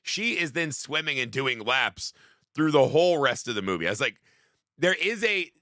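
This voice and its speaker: Animated, bright-voiced man riffing on a movie. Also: mid-range voice, moderate pace, dry recording, studio quality. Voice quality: profane, animated storytelling with acted-out quotes. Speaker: podcast co-host. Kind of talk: casual movie-review chat.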